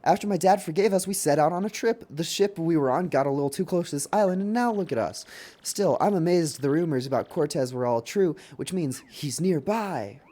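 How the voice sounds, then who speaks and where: Brief: chirpy young bride from a video game, high and lively, voiced by a male streamer. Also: fairly quick. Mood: chatty. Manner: high, chirpy put-on girl voice. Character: young bubbly newlywed woman.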